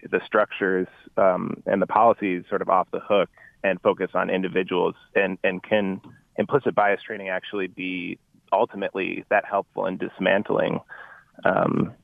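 Male radio caller, low voice, phone-line sound, hesitant. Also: level tone, normal speed, creaky, no room sound. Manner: hesitant, many fillers. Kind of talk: call-in question.

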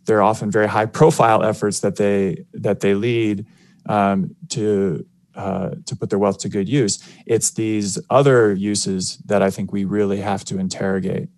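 A man, a civil rights attorney and author, answering questions as a radio guest in a measured way. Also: lowish voice, level tone, a little mellow, no room sound. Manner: measured, many fillers and restarts. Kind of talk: radio interview.

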